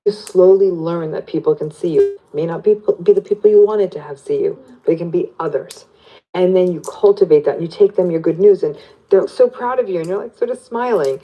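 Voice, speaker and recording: A woman psychologist explaining in an interview, animated and lively as she acts out what people say. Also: lowish voice, fairly quick, muffled recording. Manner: animated, plays out quoted voices. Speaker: psychologist guest.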